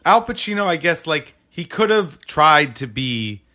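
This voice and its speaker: A man's voice: a little high, sing-song, unhurried, sharp tone. A man hosting a casual podcast conversation, reacting with laughs and cutting in with his own points. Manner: reactive, laughs along, interjects. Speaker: podcast host.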